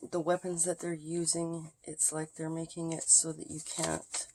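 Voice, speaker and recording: A vlogger talking casually into a handheld phone at home, with halting, drifting speech that often drops to a whisper. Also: mid-range voice, gravelly, darkish tone, slight background noise. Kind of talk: casual self-recorded vlog.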